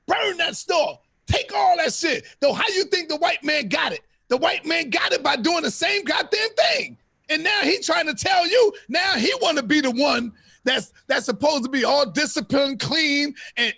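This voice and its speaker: A man hosting a live-stream debate, loud, profane and preaching. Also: very high voice, animated, moderate pace, vocal fry, dry recording, studio quality. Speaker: host.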